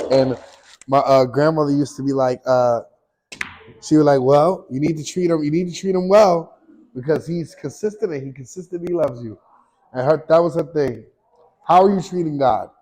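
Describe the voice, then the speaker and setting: A man's voice: a little high, darkish tone, low-quality recording. A man hosting his own show, talking in a casual personal monologue, rambling and earnest, with slang and frequent restarts. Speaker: host.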